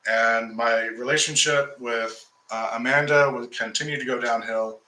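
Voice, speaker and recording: Man, rambling storyteller, bright tense voice, roomy echo. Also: mid-range voice, steady tone, normal speed, slight background noise. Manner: rambling, restarts, heated when recounting conflict. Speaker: occultist host. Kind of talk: casual storytelling to viewers.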